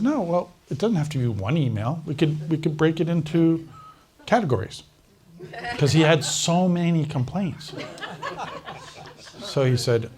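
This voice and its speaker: With a darkish tone and an ordinary mid-level male pitch, this interview guest tells a personal story. He narrates animatedly, mimicking others' lines and often laughing.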